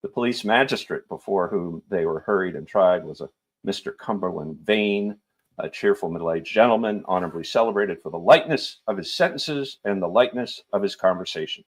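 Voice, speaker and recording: A middle-aged man reading a novel aloud on his show in an unhurried, lightly theatrical way. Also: low voice, lively intonation.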